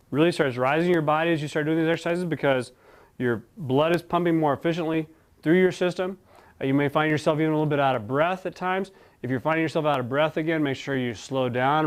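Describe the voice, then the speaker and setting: A man teaching a qigong exercise set, giving calm, slow cues for breathing and movement. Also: a little high, clean tone. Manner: calm, slow guiding cues with long pauses. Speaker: qigong instructor. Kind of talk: guided exercise instruction.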